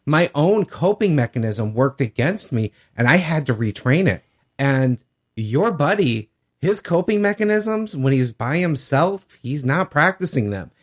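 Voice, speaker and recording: A man's voice: fairly high pitch, sing-song, measured pace. A man co-hosting a podcast, sharing his own experience in a reflective, open way. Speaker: podcast co-host. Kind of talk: casual chat.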